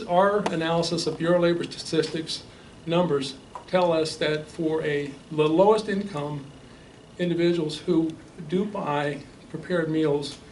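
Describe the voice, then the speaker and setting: Man, public debate, measured and full of figures, restarts, distant mic, faint noise. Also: fairly high pitch, darkish tone. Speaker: debate panelist. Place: realty office meeting room.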